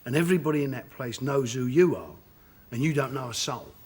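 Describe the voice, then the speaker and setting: A man's voice: medium pitch, fairly quick, darkish tone, slightly rough. A middle-aged man with a Cockney accent, an actor guest on a chat show, telling stories with laughter and acted-out quotes. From England. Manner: laughing storyteller, acts out quotes.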